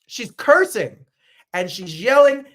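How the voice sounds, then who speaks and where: Animated chatty male talk show host. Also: very high voice, slow pace. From New Jersey. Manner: animated, gushing, chatty asides. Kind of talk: casual livestream chat.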